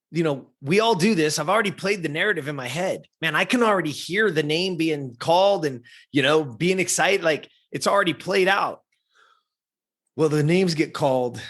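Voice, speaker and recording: Husky-voiced man telling a story. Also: a little high. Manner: animated, addresses listeners directly. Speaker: podcast guest. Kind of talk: emotional personal storytelling.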